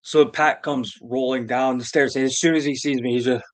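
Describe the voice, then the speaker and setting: A man's voice: medium pitch, fairly even intonation, moderate pace. A man hosting a live stream who tells a long comedic story in a rambling, profane, emphatic way.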